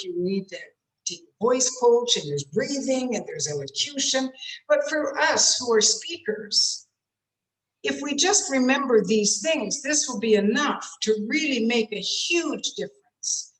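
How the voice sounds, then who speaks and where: On a video call from a room at home, a woman leads an online workshop for speakers, changing her tone to show examples in a demonstrative style. Her voice is high-pitched, sing-song and a bit bright, with a slightly slow delivery. Her computer mic gives the sound a roomy echo.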